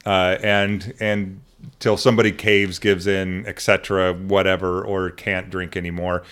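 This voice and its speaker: Man, low voice, podcast host, casual chat, jokey, rambling restarts, laughs a lot. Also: level tone, a little slow, a bit bright, smooth.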